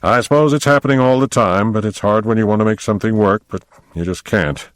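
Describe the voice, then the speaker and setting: A man's voice: on the low side, fairly quick, clean tone, no echo, studio quality, voice pushed up, close to an everyday voice. A man reading a novel aloud, voicing a rueful, self-mocking working man full of regrets.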